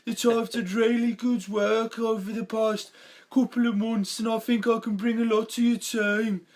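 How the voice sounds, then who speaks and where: Male podcaster playing an earnest job candidate with a broad regional English accent, pitched up and mock-serious. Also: level tone, moderate pace.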